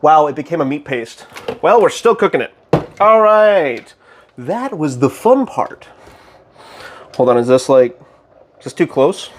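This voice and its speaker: Young man, live-stream cooking chat, goofy, gets loud when excited, slightly high voice. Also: unhurried, pauses often, slight background noise.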